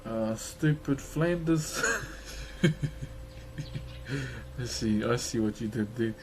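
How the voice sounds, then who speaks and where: Slow-talking New Zealand man, noisy room. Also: mid-range voice. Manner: swears often, thanks viewers warmly, calls them brother. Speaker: livestreamer carving wood. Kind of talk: casual chat to stream viewers.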